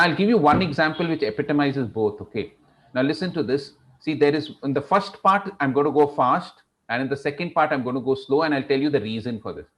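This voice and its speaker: A middle-aged man teaching public speaking in a classroom, shifting his pace and pitch to demonstrate. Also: dull audio. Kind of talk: classroom lecture.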